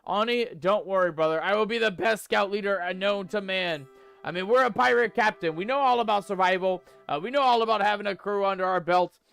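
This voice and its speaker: A man's voice: high-pitched, fairly quick, vocal fry, fairly bright tone, smooth, faint music behind. A man playing a swaggering male pirate ghost captain in a game stream, full of pirate slang and playful bluster. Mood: boastful.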